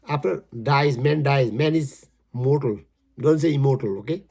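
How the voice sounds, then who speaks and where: A man explaining his poem in halting, emphatic English, repeating his words as he goes. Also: medium pitch, creaky, darkish tone, husky. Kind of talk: casual spoken explanation.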